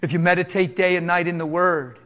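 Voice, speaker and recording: A man preaching a sermon in a church, impassioned, asking rhetorical questions and swinging between loud and hushed delivery. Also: high-pitched, little pitch movement, fairly quick.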